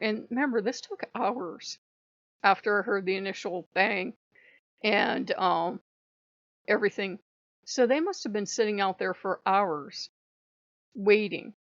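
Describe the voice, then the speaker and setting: A woman's voice: medium pitch, fairly bright tone, no echo, dull audio. A woman telling a casual story in a blunt, chatty way, swearing freely and laughing often. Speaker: vlogger.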